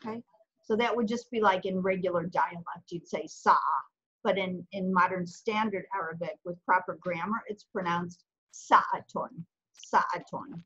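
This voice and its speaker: A woman's voice: fairly low pitch, steady tone, normal speed, fairly bright tone, husky. A woman teaching an online language lesson, explaining each step patiently. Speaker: Arabic teacher. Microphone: video call. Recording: muffled video call audio.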